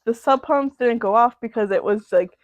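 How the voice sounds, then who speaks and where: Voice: medium pitch, moderate pace. A podcast co-host in casual chat, giving short agreeing replies and swearing casually.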